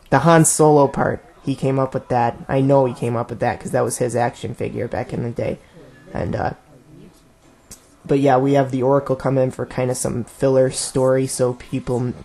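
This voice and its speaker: A man's voice: medium pitch, a little mellow. A man giving a casual director's commentary in a rambling, laid-back, self-amused way. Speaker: director of a web series.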